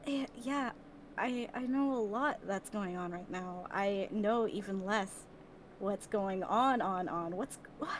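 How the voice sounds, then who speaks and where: A woman's voice: medium pitch, takes it slowly, slight background noise, pitched below the performer's own voice, lightly acted. A woman voicing a sheltered young woman who answers hesitantly and a little cheekily. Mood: evasive.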